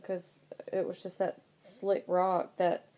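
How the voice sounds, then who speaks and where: A woman's voice: lowish voice, monotone, takes it slowly, warm tone. Giggly woman chatting casually. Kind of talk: casual chat.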